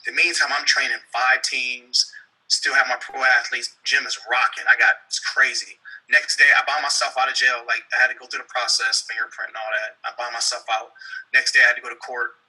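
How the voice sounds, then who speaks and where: Male fitness trainer, guest storyteller on a team call, husky tone with a piercing edge, earnest, repeats himself. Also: medium pitch, flat delivery, a little fast, pushed and bright, rough recording. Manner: earnest, repeats phrases, acts out the dialogue he tells.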